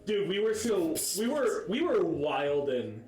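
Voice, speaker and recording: A young man hosting and running a tabletop game stream, joking loudly, laughing often and swearing casually. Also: sits high, big pitch swings, unhurried. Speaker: game master and show host. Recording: roomy studio.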